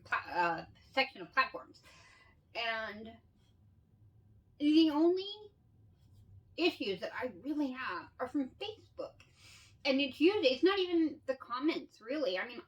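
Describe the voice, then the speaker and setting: A woman's voice: a little high, a bit bright, far from the mic, low-quality recording. A woman telling stories in a candid casual monologue, swearing freely and laughing often. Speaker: vlogger.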